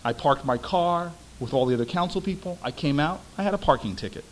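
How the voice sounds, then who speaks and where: A young man, a former city councilman, giving a storytelling speech with emphatic, animated delivery. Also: fairly high pitch, fairly quick, slight background noise, rough recording.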